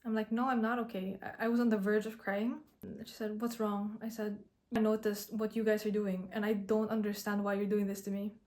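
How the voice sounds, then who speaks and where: A woman's voice: medium pitch, flat delivery, brisk, darkish tone. Candid young woman telling a personal story. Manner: candid, reflective, frequent restarts and "like". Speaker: content creator.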